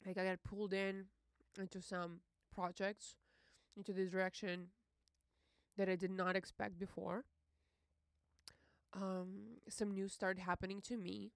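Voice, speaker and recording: A young woman hosting a podcast, telling a personal story in an emotional, halting way, with many fillers and curses. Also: mid-range voice, little pitch movement, creaky, no room sound, clean studio sound. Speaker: podcast host.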